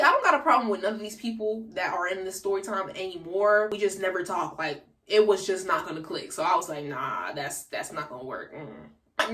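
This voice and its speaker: A woman's voice: fairly high pitch, sharp tone, far from the mic. A young woman in her late teens telling a story to her viewers in a chatty, slangy way, recorded on a phone. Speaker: vlogger. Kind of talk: casual storytime vlog. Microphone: phone camera. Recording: echoey room, away from the mic.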